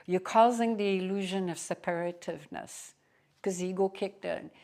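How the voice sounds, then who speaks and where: A woman's voice: lowish voice, moderate pace, gravelly, darkish tone. A woman spiritual teacher giving a devotional satsang talk, telling a story to teach, with emphatic asides.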